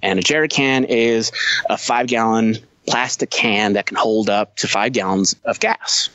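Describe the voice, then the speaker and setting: A man's voice: lowish voice, normal speed, a bit bright, dry recording, highs cut off. A man who is a Marine veteran, telling a war story as a podcast guest, blunt and heavy on profanity. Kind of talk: casual storytelling.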